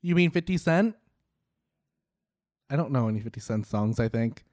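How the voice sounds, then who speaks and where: A young man making casual, sarcastic reaction commentary, swearing and tossing off quick jokey asides. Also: mid-range voice, animated, darkish tone, dry recording, studio quality.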